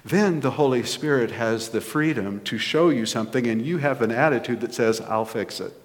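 A man's voice: medium pitch, moderate pace. A man preaching a conversational sermon as pastor, rising to emphatic points. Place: church sanctuary. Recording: long reverb of a church hall.

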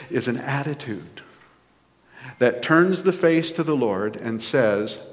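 A man's voice: medium pitch, animated, measured pace. A man preaching a conversational sermon as pastor, rising to emphatic points. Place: church sanctuary. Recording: long reverb of a church hall.

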